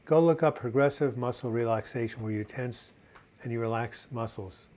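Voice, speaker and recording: A man's voice: medium pitch, normal speed, a little mellow. A man in his sixties hosting a casual live video chat, reading viewer comments and telling corny jokes and puns. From United States. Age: 60s. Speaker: host of a live video chat on mental health.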